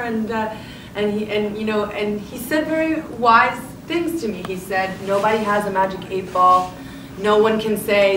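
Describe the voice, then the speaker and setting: Actress gushing in an interview, kinda far off, echoey noisy room, lots of stops and restarts. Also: female voice, medium pitch, moderate pace. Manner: animated storytelling with many restarts. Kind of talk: press junket interview. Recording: roomy, distant, noisy.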